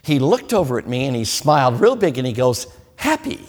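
A man's voice: medium pitch, big pitch swings, fairly quick, a little mellow, big-room sound. A man preaching a sermon, telling a story with folksy humor and talking straight to his listeners. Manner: folksy, humorous, addresses the audience directly.

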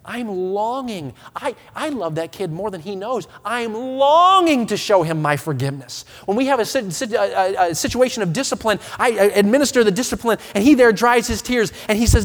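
A man in his thirties delivering a sermon, his voice sitting high for a man. He moves from hushed earnest appeals to loud, impassioned pleading and trips over restarts as he presses his point. The long reverb of a church hall trails every phrase. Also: animated, a little fast, hardly any pauses. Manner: impassioned preaching, swelling from quiet to loud; stammering restarts. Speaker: pastor. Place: church sanctuary with a congregation.

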